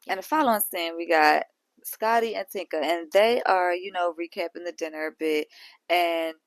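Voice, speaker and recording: Sassy, blunt and full of slang such as "girl" and "sis", a woman hosts a casual recap of a reality show. Her pitch is fairly low, and the recording has no room sound.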